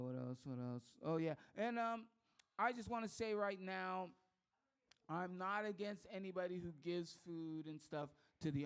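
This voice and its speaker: A man's voice: fairly high pitch, gravelly. A man from Texas doing a rambling, profane, self-mocking stand-up set. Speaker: stand-up comedian.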